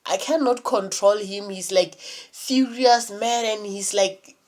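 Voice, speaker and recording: A woman's voice: medium pitch, slow, darkish tone. A young woman telling a rambling, profanity-laced story in a casual vlog, full of fillers and restarts. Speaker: vlogger.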